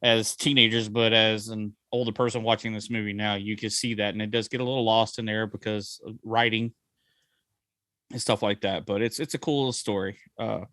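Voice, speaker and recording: A man's voice: on the low side, steady tone, fairly quick, sharp tone, no room sound. A man, co-hosting a casual movie review podcast and rambling with jokes and fillers. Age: 40s. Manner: rambling, jokey, many ums and uhs. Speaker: podcast co-host.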